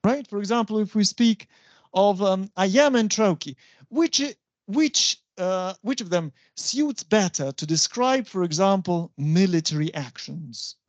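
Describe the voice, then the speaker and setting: A university lecturer, explaining patiently and often checking understanding with a quick "right?". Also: medium pitch, animated, no echo. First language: Russian. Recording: dull, dry lo-fi recording.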